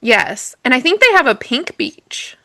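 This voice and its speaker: A woman's voice: high voice, very animated, unhurried, bright, forceful tone, no echo. A woman co-hosting a podcast, telling a story in a chatty way, laughing often and correcting herself. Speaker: podcast co-host. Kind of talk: casual storytelling chat.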